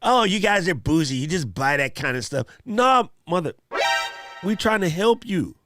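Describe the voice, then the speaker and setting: A man's voice: high-pitched, normal speed, soft background music. A man hosting a live stream Q&A, chatting casually and animatedly with viewers in slang. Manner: animated, slangy, talks straight to chat viewers.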